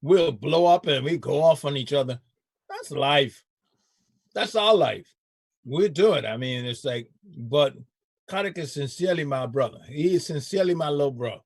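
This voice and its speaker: A man's voice: a little high, lively intonation, normal speed, darkish tone, breathy edge, no room sound. A man hosting a casual chat show, laid-back and slangy, laughing often. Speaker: show host.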